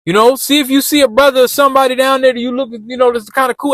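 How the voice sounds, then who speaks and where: High-voiced man chatting casually in slang. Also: steady tone, fast talker, a bit bright, no echo. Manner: loose, repetitive street slang, addresses viewers as y'all. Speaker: vlogger giving job-interview tips. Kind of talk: casual talk while driving. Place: car.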